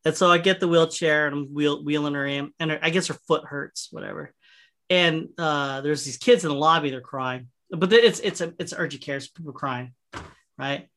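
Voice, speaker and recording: A man's voice: fairly high pitch, moderate pace, fairly bright tone. A man in casual podcast chat, telling a rambling, profane anecdote and acting out the people in it. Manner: rambling, profane, acts out voices in his anecdotes.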